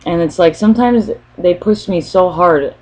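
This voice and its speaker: Husky-voiced woman rambling aloud. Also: lowish voice, moderate pace, darkish tone. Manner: rambling, thinking aloud, often restarts mid-sentence. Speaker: spiritual vlogger. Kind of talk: casual spoken monologue. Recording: dull lo-fi recording.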